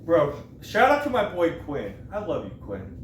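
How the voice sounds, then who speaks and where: A young man co-hosting a podcast, joking around and reading haltingly with lots of ums. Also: on the high side, huge pitch swings, a little hiss or hum. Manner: joking, hesitant reader with ums. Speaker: podcast co-host. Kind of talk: casual podcast chat. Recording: echoey room, mic far off.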